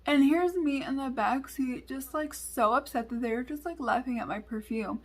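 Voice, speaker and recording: A woman's voice: sits high, moderate pace, hardly any pauses. A young woman vlogger telling a story and doing a makeup tutorial, with chatty talk full of fillers. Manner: chatty, filler-heavy with many "like"s. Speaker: beauty vlogger.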